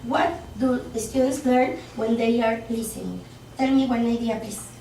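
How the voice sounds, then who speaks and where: This workshop presenter quizzes her group and keeps checking in with "okay?" and "yes?", her slightly high, warm voice at a normal pace and fairly even in intonation. Recorded from afar on a room mic, the classroom sounds echoey with faint noise.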